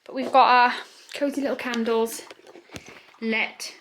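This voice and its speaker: A woman's voice: on the high side, flat delivery, measured pace, fairly bright tone, slight background noise. A young woman from England chatting casually in her vlog, rambling and talking to her dogs now and then. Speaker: vlogger.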